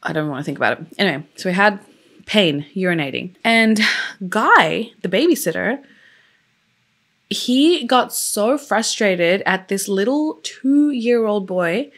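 A woman's voice: mid-range voice, lively intonation, measured pace. A young woman who is a true crime YouTuber, telling a case in a loose, chatty way with many fillers and open emotion. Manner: openly emotional about the story. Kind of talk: casual storytelling.

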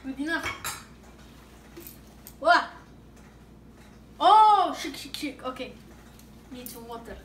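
A woman's voice: high voice, lively intonation, slow, pauses often, fairly bright tone. A woman talking in a jokey put-on Russian accent with playful broken English, reviewing gear while cooking in her kitchen. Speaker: vlogger. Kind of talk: casual cooking review vlog. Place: home kitchen. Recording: echoey kitchen, far from mic, noisy.

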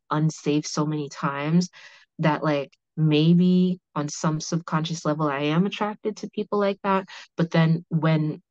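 Low-voiced woman, rambling and frank. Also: darkish tone, dry recording. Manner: rambling, many "like" fillers, frank and profane. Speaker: podcast host. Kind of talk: candid conversational discussion. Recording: slightly muffled audio.

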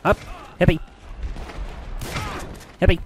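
A man from Michigan giving excitable, mildly profane commentary while live streaming a video game. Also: slow. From Michigan, USA. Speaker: gaming streamer. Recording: game noise underneath. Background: game sounds.

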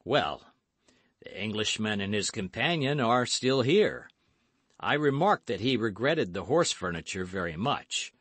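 A cool, worldly musketeer, read by a male narrator, talks slowly and deliberately with a lively melodic lift. The sound is dry and close. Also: on the low side, no echo, heavily acted. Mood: persuasive. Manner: calm, measured and deliberate.

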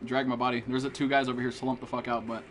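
A man's voice: medium pitch, little pitch movement, fast talker, a little hiss or hum. Foul-mouthed man trash-talking while gaming. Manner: profane trash-talk, greeting chat viewers. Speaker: game streamer. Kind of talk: live gameplay commentary.

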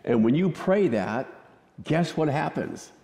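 A man preaching a conversational, joking sermon in a church, chatty and quick to laugh. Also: on the high side, lively intonation, warm tone. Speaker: pastor. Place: church sanctuary. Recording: echoey church hall.

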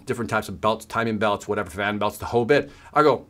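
A man's voice: on the low side, steady tone, rapid-fire, sharp tone. A man giving a workshop talk as a sales trainer, telling a story and acting out both sides of the conversation, checking in often with "right?".

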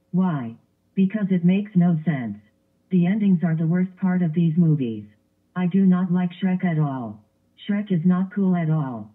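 A male computer voice playing a spiteful green Grinch with a whiny, repetitive ranting manner, over tinny lo-fi sound. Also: high voice.

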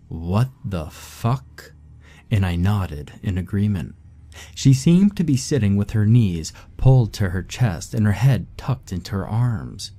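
Deep, dark-voiced male horror narrator. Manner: steady, measured, somber first-person telling.

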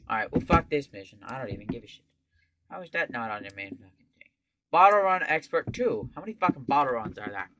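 A man giving casual, profane game commentary, swinging into sudden loud outbursts. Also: medium pitch, expressive, fairly quick, pauses often, slight background noise. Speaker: gameplay commentator.

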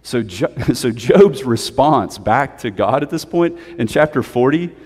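Animated male pastor in a reverberant sanctuary. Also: medium pitch, measured pace, slightly rough. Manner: conversational and animated, with playful asides. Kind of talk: sermon. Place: church sanctuary.

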